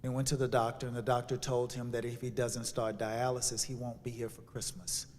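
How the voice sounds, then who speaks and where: A man telling a personal story as a sermon, with dramatic shifts from hushed to loud. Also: mid-range voice, little pitch movement, a little fast, a little hiss or hum. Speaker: speaker. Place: church sanctuary. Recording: long hall reverb.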